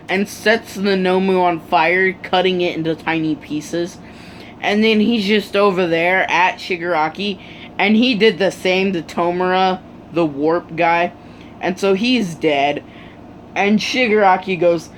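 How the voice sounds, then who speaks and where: Slow rambling fan storyteller. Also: medium pitch, slight background noise. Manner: rambling, full of fillers. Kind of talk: casual fan story retelling.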